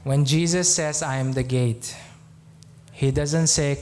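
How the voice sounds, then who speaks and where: Slow, earnest pastor with a Zomi accent. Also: male voice, a little high, steady tone, a little mellow, slight background noise. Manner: slow, earnest storytelling with pauses. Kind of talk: sermon. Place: church.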